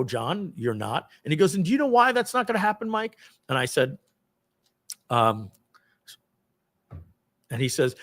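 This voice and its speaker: A man's voice: medium pitch, husky. A middle-aged man telling a personal story to an audience, acting out the people in it with a raised voice and casual asides. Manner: acts out quoted people with loud raised voice; casual, swears lightly, many asides.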